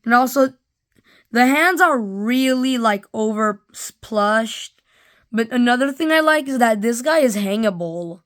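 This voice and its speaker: Woman toy reviewer, offhand rambling delivery, a touch high-pitched. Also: animated, measured pace, a bit bright. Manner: rambling, filler-heavy, offhand. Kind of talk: casual product review vlog.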